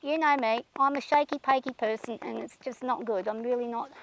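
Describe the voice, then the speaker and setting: A woman talking while riding her horse outdoors, shaky and anxious, talking herself through her nerves and calming the horse. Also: fairly high pitch, fairly quick, slight background noise. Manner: nervous, talks herself through, soothes the horse. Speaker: horse rider vlogger.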